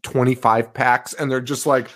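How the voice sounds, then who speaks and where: A young man co-hosting a podcast chats casually, swearing a lot and laughing often in an animated way. His voice is medium in pitch and his pace is moderate.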